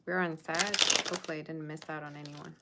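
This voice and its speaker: Fry-voiced woman bantering with her live chat. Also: low-pitched, flat delivery, quick pace, very noisy. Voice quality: sassy, teasing banter with the chat. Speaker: tarot reader livestream host. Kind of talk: casual livestream chat.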